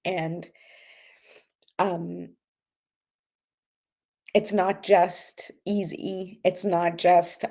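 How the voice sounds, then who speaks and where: A woman's voice: on the low side, steady tone, a little slow, creaky, pauses often, mellow. A woman hosting a live oracle card show, talking earnestly and tearfully in a casual, rambling way, then leading a breathing exercise. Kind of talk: casual livestream talk and guided breathing.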